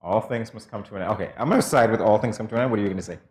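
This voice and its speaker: Male co-host, low voice, dry and wry, casual chat. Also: rapid-fire, darkish tone. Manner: dry, wry, reads out meanings. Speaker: morning show co-host.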